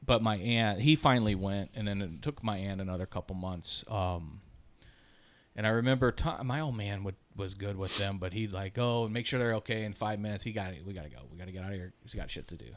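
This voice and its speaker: A man, telling rambling, profane stories on a podcast, loud when he laughs and hushed when he turns reflective. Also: lowish voice, a little fast. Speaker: podcast co-host. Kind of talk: casual storytelling chat.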